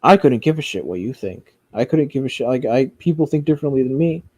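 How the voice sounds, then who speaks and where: A man's voice: mid-range voice, expressive, fast talker, darkish tone, breathy edge, dry recording. A man giving casual, rambling commentary, swearing often and restarting his sentences. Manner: rambling, profane, frequent fillers and restarts. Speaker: commentary streamer.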